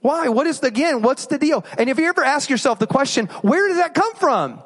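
A man's voice: very high-pitched, expressive, brisk, a bit bright. A man preaching a sermon, asking rhetorical questions and acting out inner voices. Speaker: pastor.

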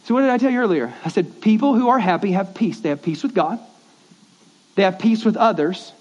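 A man with a very high voice preaches in a relaxed, conversational way and keeps calling on the congregation to say words back to him. The audio is dull and lo-fi, like an old sermon recording. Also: fairly quick. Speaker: pastor.

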